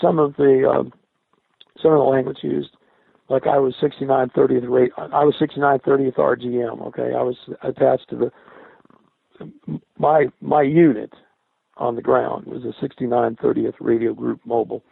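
An older man, a former military radio linguist, recalling his service in a halting interview style, often repeating and restarting words. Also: mid-range voice, steady tone, gravelly, husky, dry recording. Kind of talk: recollecting in an interview. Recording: dry, tinny phone-like sound.

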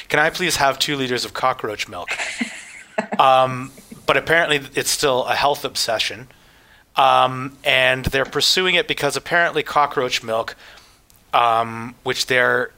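A man co-hosting a relaxed health news discussion. His voice is bright and pushed forward, and he talks in a wry, joking way, full of likes and ums as he thinks aloud. The pitch sits in an ordinary middle range. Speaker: show host. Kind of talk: casual news chat.

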